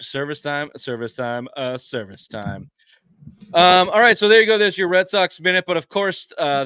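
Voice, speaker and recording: A man's voice: a little high, pushed and bright, clear, resonant tone, dry recording, clean studio sound. A man hosting a sports talk podcast, ranting emphatically and swearing often in casual heated chat.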